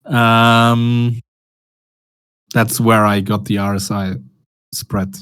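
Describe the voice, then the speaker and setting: A man chatting casually as a trader, blunt and quick to laugh. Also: on the low side, flat delivery, a bit bright, clear, resonant tone. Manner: laughs often, blunt, swears freely. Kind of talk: casual chat.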